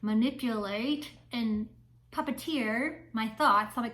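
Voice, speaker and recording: A woman's voice: on the high side, moderate pace, poor audio. A woman, a spiritual mentor talking casually to camera in a chatty way, often checking in with "right?". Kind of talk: casual vlog talk to camera.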